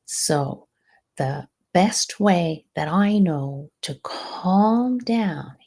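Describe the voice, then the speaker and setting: Woman coach talking real slow, low gravelly voice, calm guiding tone, some words kinda breathed out. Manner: slow, soothing, guiding delivery with softly breathed phrases. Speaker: stress management coach and host. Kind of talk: live coaching talk.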